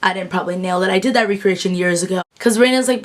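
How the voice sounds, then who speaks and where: A woman's voice: mid-range voice, quick pace. Chatty young woman recapping a show. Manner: chatty and bubbly, many fillers, acts out quotes. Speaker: TV recap vlogger. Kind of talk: casual chat.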